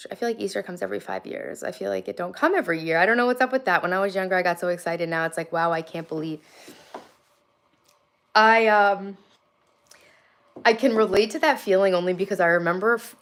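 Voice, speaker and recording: A bubbly, enthusiastic woman hosts a casual livestream from her home kitchen, reading viewer comments out loud. Her voice is medium in pitch and a bit bright.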